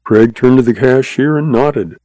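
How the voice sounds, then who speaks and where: A man narrating a story in an even, measured reading. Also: mid-range voice, no echo.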